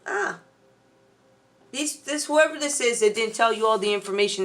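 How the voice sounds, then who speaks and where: A woman's voice: a little high, animated, normal speed. Chatty woman giving a tarot reading. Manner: chatty, loose, addresses viewers directly. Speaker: tarot reader. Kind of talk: casual tarot reading to camera.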